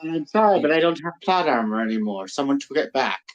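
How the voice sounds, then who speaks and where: A man's voice: medium pitch, expressive, fast talker, dull audio. A man playing a tabletop game, earnest and eager in casual chat. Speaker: player.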